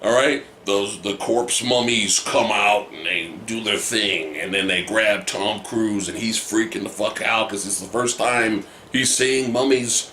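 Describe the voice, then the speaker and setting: A man's voice: on the low side, measured pace, hardly any pauses, sharp tone. A man hosting a podcast, chatting casually about a film, swearing, laughing and acting out scenes. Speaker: podcast host. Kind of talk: casual film review chat. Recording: echoey room, faint noise.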